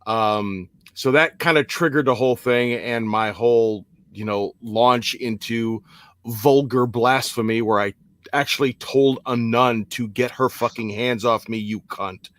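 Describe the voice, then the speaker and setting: A man's voice: medium pitch, unhurried, a bit bright, dry recording. A man in his forties telling a personal story on a podcast, hesitant and self-deprecating with many fillers, over a remote call mic. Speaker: podcast guest. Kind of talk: personal story in casual chat.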